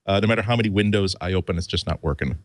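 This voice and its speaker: A man's voice: deep voice, rapid-fire, dry recording, studio quality. A man guest-hosting a tech talk show, chatty and self-deprecating, often restarting his sentences. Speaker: guest host. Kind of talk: casual podcast chat.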